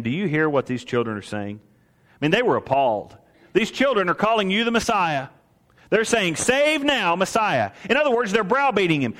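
A man preaching a sermon, swinging from soaring exclamations to hushed asides and acting out the voices of the people in his story. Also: on the high side, big-room sound. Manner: acts out voices of priests and merchants. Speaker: pastor.

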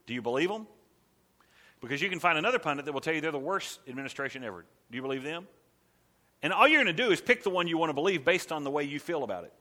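A man's voice: fairly high pitch, sing-song, rapid-fire, sharp tone. A man preaching a conversational sermon as a pastor, emphatic and acting out quotes in his talk.

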